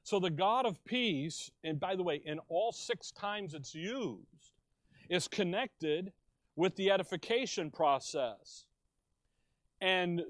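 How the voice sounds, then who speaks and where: A middle-aged male pastor preaching a sermon, slow and emphatic, asking the congregation questions and telling jokes. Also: sits high, expressive, no room sound. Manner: tells jokes with quoted voices.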